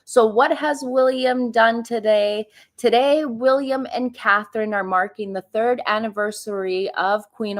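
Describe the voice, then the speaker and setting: Chatty woman hosting a livestream. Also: mid-range voice. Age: 30s. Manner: chatty, rambling, greets chat viewers. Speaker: livestream host. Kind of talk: casual live-stream commentary.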